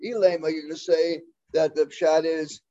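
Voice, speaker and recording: High-voiced man teaching a Talmud class. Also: little pitch movement, mellow, dull audio. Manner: halting, full of fillers and restarts, mixing Hebrew and Aramaic terms.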